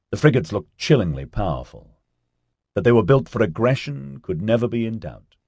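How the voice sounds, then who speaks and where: A man narrating an audiobook in an expressive storytelling manner. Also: lowish voice, husky, no room sound, clean studio sound.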